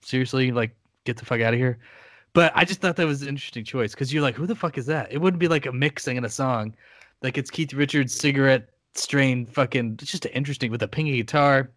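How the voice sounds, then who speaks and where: A man's voice: medium pitch, brisk, fairly bright tone, dry recording, clean studio sound. A man co-hosting a podcast, chatting casually and steering the talk in a laid-back, wry way. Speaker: podcast co-host. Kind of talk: casual chat.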